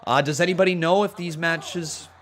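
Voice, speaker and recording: A man hosting a live wrestling watch-along, chatting casually and getting excited at big moments. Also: on the high side, normal speed. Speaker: live stream host.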